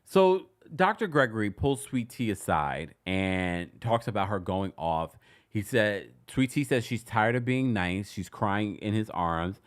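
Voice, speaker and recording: A man hosting a casual reality TV recap, chatty and animated, with sudden high-pitched exclamations. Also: measured pace. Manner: chatty, many restarts while retelling scenes.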